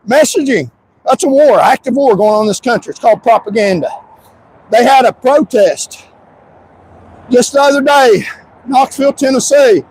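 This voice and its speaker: Male livestream commentator, very high voice, emphatic and repetitive delivery with occasional shouts. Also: expressive, moderate pace, pauses often, husky, poor audio. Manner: insistent and repetitive, stretching key words, at times shouting.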